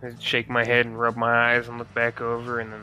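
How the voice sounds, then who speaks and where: Brief: relaxed male player, casual chatter, bright voice, on a voice call. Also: medium pitch, fairly quick, faint music behind. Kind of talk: casual tabletop play. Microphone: online voice call.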